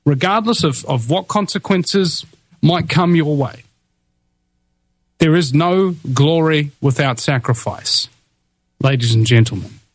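A man's voice: on the high side, a little slow, long pauses, no room sound. A man from New Zealand hosting a political talk radio show, speaking in an impassioned, rallying way with many restarts and fillers.

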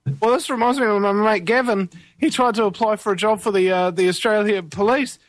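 A man's voice: high-pitched, fairly even intonation, brisk, dry recording. Blunt sardonic young New man. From New Zealand. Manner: blunt, sardonic, mild swearing. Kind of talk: casual chat.

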